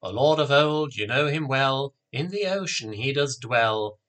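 A man's voice: medium pitch, expressive, measured pace, fairly bright tone. A man voicing a playful father who teases his family and makes a ceremonious introduction. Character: cheerful middle-aged father with a secret.

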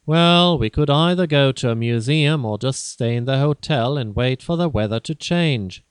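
A man voicing an easygoing young man on holiday in a plain, calm reading voice. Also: mid-range voice, moderate pace, smooth, dry recording, natural voice. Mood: suggesting.

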